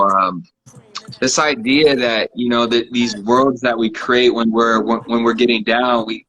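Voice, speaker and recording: A man hosting a casual chat from his living room, relaxed and laughing often, with lots of fillers. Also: medium pitch, poor audio. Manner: laid-back, laughs often, many fillers. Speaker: host.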